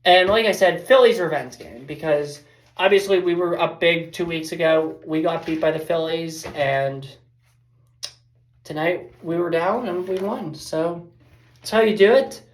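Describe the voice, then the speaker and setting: Low-voiced woman ranting baseball recap. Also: a little slow. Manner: rambling, fired-up, frank. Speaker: baseball fan podcaster. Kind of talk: casual game recap. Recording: echoey room.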